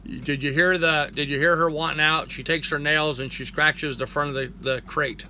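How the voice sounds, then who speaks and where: An older man hosting a relaxed live stream from home, his voice bright and edgy, sitting a little high for a man. He rambles along, thanking chatters by name and cooing at his dog in between. A faint hiss sits under him. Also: normal speed. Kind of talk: casual live chat.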